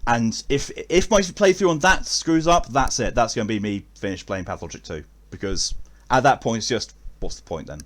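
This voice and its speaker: A man's voice: mid-range voice, animated, moderate pace. A man with an English accent chatting casually to his viewers at the end of a stream, rambling with many fillers and restarts. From England.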